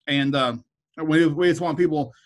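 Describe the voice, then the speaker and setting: A man's voice: fairly high pitch, moderate pace, poor audio. A man, a middle school principal, chatting casually on a podcast, rambling with frequent repeated words and restarts. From Kansas.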